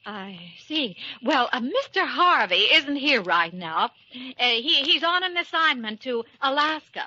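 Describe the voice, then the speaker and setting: An actress playing a dry, sharp-witted young career woman in an old radio comedy, with a wry, cutting manner. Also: sits high, big pitch swings, unhurried, full character voice. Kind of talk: 1940s radio acting. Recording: dull old radio broadcast.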